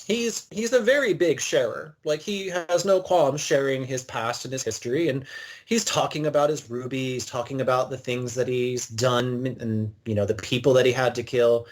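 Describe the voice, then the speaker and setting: Animated man retelling a story. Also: on the high side. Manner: animated storyteller, acts out quotes. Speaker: podcast co-host. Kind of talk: casual episode recap.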